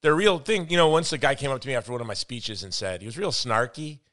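A man's voice: mid-range voice, expressive, fast talker, a bit bright. Earnest, chatty male podcast host. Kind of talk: casual conversation.

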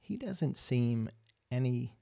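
A man's voice: mid-range voice, animated, takes it slowly, gravelly, mellow. A man chatting casually on a podcast, easygoing and laughing between thoughts. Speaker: podcast guest.

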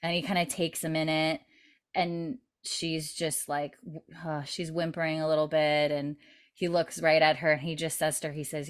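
In a low, level voice at normal speed, a woman casually retells a TV episode in detail as a podcast co-host. She leans on "like" a lot and swears offhandedly.

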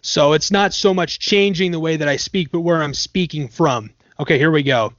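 A man's voice: on the high side, normal speed, few pauses, fairly bright tone, no room sound. A man who works as a sports play-by-play commentator, chatting in an interview and explaining his craft with worked examples and restarts. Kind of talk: casual interview talk. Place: Michigan area. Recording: dry, dull lo-fi sound.

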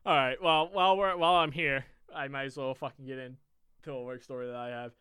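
Brief: male podcast co-host with a smooth, clear tone, casually swearing through work stories. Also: mid-range voice, fairly even intonation, fast, sharp tone, dry recording, clean studio sound. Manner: rambling storyteller, swears a lot.

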